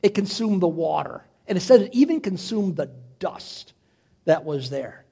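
High-voiced man retelling a Bible story. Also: very animated, moderate pace, creaky, husky. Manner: dramatic retelling, swings from loud to hushed. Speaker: preacher. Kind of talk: animated Bible storytelling sermon.

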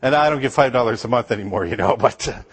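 A man's voice: medium pitch, fast, breathy edge. A middle-aged man from Upper Michigan, a missionary speaker telling humorous stories to a congregation with asides and laughs. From Upper Michigan, USA.

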